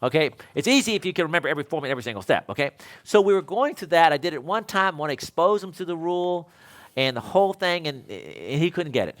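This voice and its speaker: Speaking on a panel, a man who teaches electrical code to other instructors tells a story and acts out both sides of it. His voice is fairly high and expressive, and he talks fast.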